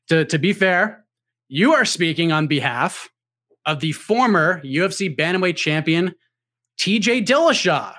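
A man's voice: on the high side, pushed and bright. A man hosting a podcast game show, speaking in an upbeat, announcer-like way with occasional hesitations. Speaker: podcast host.

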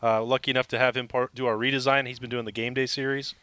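A man's voice: medium pitch, level tone, quick pace, sharp tone, clear, resonant tone, no echo. A man, the regular co-host of a sports podcast, chatting in an upbeat and talkative way. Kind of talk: casual sports podcast chat.

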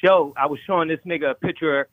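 A man's voice: a little high, fairly even intonation, fast, a bit bright, no room sound. A man calling into a show over the phone, telling roast jokes with eager stammers. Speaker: caller. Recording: tinny phone line.

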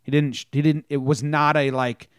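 Animated man telling sports stories. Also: fairly high pitch, moderate pace, clear, resonant tone, dry recording, clean studio sound. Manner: animated storytelling, acts out players' lines. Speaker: podcast co-host. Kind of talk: casual sports chat.

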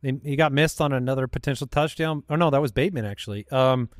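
A man's voice: medium pitch, fast talker, no room sound, clean studio sound. A man hosting a fantasy football podcast, joking around as he reads out player stat lines. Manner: joking, runs the segment reading stat lines. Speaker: podcast host. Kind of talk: casual sports chat.

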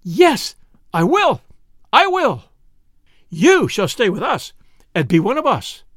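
A man voicing a spirited, excitable young woman in an audiobook, with high, breathless exclamations. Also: moderate pace, no room sound, studio quality, full character voice. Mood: excited.

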